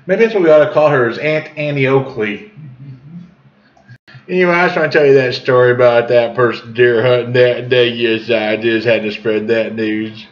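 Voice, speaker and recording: A man's voice: mid-range voice, fairly even intonation, normal speed. A man, rambling through a folksy tall tale and chuckling on tangents. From southern Missouri. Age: 40s. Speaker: storyteller. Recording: dull lo-fi recording.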